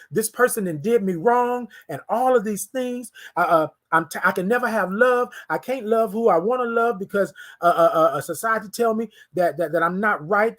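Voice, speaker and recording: A host delivering an inspirational morning talk in an emphatic, preacherly way. The speaker keeps repeating key phrases and addresses listeners directly in casual slang. The voice sits at a middle pitch. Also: fairly bright tone.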